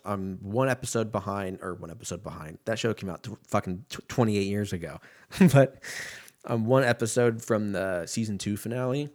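A man's voice: lowish voice, darkish tone. A man in his thirties, hosting a casual podcast and rambling in a profane, joking way. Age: 30s.

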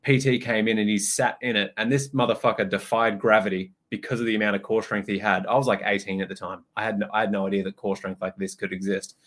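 Brief: young guy, podcast co-host, animated storyteller, lowish voice. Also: fast talker, hardly any pauses. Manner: animated storytelling, acts out quotes, swears. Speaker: podcast co-host, personal trainer. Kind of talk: casual chat.

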